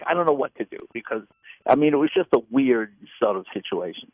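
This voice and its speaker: A man in his sixties, a comedian and former talk show host, telling lively anecdotes in an interview and acting out the people in them. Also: mid-range voice, fast talker, creaky, breathy edge, dry recording. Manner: animated anecdotes with quoted voices. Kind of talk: storytelling interview. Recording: dull lo-fi dry sound.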